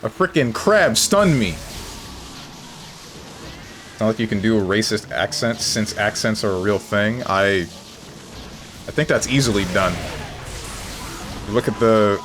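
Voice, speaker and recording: A man streaming a game, talking in a dry, low-key way to his chat, with sudden high yelps when he gets hit. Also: unhurried, long pauses, a bit bright, a little hiss or hum. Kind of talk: casual gameplay commentary. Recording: game music behind the voice. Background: faint game music.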